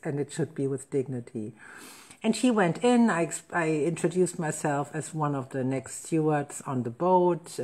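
A woman, a wedding celebrant hosting a casual talk show, telling an anecdote in a lively, self-correcting way. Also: extremely low pitch, moderate pace. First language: German. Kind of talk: casual storytelling chat.

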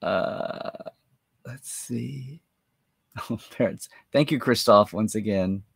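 A man's voice: lowish voice, slow pace, gravelly, husky, dry recording, clean studio sound. A man hosting a live-stream chat, rambling and thinking aloud as he answers viewer comments. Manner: rambling, chatty, thinks aloud with many fillers. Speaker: host.

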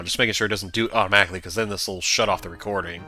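A young man giving casual let's play commentary, rambling, then shouting at the game and apologizing. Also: on the low side, very fast, hardly any pauses. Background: game music.

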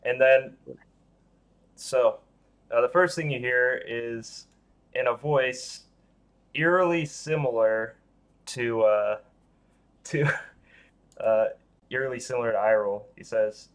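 A man narrating as dungeon master in a casual online game session, loose and halting with many fillers. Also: medium pitch.

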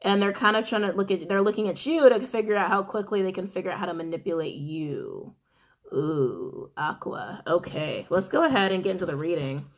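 A woman's voice: fairly low pitch, animated, a little fast. A woman giving a casual tarot reading, musing aloud and repeating her phrases. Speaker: tarot reader.

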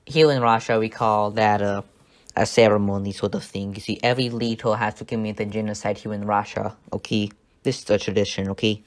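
Man doing a deadpan comedy skit. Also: on the low side, fairly quick, slight background noise. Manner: mock Russian dictator bluster, deadpan jokes. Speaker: comedy streamer.

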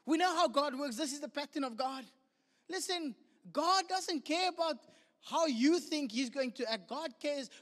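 A man with a South African English accent preaching a sermon, animated, acting out the voices of the people he quotes. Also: very high voice. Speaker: pastor. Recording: long hall reverb.

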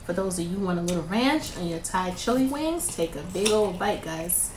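A woman's voice: lowish voice, lively intonation, normal speed. Woman, chatty giggly eating-show host, casual talk, echoey room, faint background noise. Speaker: mukbang host.

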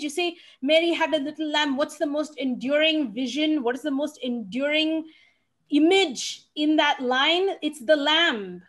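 A woman answering audience questions in an online session, expressive and emphatic, stressing words to make her point. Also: high-pitched. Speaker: featured dancer and speaker. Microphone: video call.

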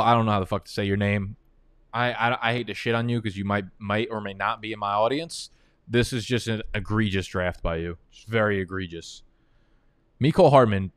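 A man commentates his own live mock draft in a slightly low voice, rattling off players and reasons at speed. His frustration spills into profane rants. The sound is dry and close, with no room around it. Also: no echo. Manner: fast, excitable talk. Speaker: fantasy football analyst host.

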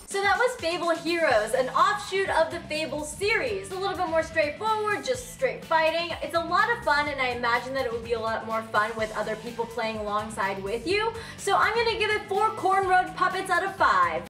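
A woman hosting a game review show, giving excited gameplay commentary and yelling at the game. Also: sits high, fairly quick, few pauses, reverberant, far from the mic, soft background music.

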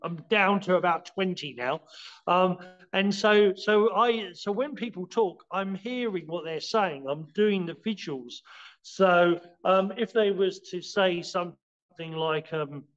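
A high-pitched man talks casually as a podcast guest, teaching martial arts ideas in halting bursts. He trips over his words, restarts often, and leans on fillers as he explains. The audio is dull and lo-fi. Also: fairly bright tone. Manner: halting, many restarts and "you know"s; explains by acting out scenes.

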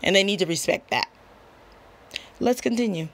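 A woman's voice: medium pitch, moderate pace. A woman giving a casual tarot reading straight to her viewers, assertive and chatty, often checking in with "okay?". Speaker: tarot reader.

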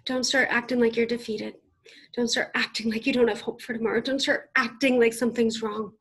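A woman's voice: fairly high pitch, steady tone, fairly quick, a bit bright, slightly rough. A woman in her thirties giving a motivational keynote speech, emphatic and punchy, speaking straight to her audience. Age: 30s.

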